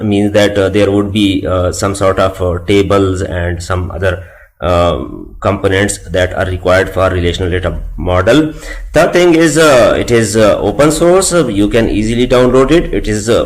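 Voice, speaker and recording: Low-voiced male lecturer, halting delivery. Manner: measured, frequent "uh" pauses. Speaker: university lecturer. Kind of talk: recorded lecture.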